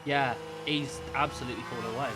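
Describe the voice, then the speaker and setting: Excitable man cheering on a race game. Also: mid-range voice, fast talker, noisy background. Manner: chatty, cheers drivers on. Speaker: gaming creator. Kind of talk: excitable gameplay commentary.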